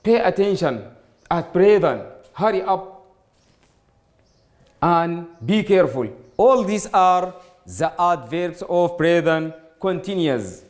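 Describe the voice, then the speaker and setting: A man teaching an English grammar lesson to students, explaining slowly and repeating words, with Arabic as his first language. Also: sits high, animated. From Sudan. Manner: slow, repetitive explaining, addresses students directly.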